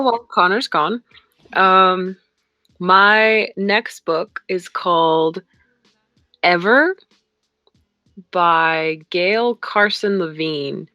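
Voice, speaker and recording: A young adult woman co-hosting a podcast, retelling a book in casual chat with hesitant pauses and many ums. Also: on the low side, pushed and bright, no room sound. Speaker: podcast co-host.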